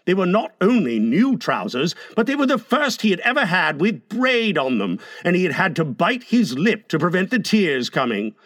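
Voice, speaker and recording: A man reads a classic novel aloud with expressive storytelling. His voice sits a little high and moves about freely. The sound is close and dry. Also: moderate pace, hardly any pauses, no room sound. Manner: expressive, storytelling with lively emphasis. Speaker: narrator. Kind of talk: audiobook narration of a classic novel.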